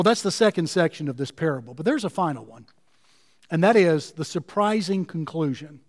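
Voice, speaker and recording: A pastor preaching a sermon with emphasis, slowing down and stretching his key words. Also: fairly high pitch, animated, big-room sound.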